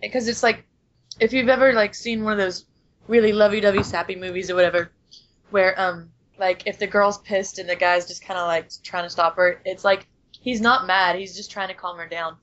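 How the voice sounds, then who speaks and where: A woman's voice: medium pitch, fairly even intonation, fairly quick, a bit bright. A woman on a podcast panel, chatting casually with lots of "like". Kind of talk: casual group podcast chat. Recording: dull lo-fi audio.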